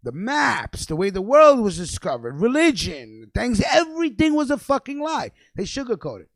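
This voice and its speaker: A man's voice: very high voice, huge pitch swings, moderate pace, no room sound. A young man hosting a radio show, delivering a fiery, profane, repetitive freestyle rant.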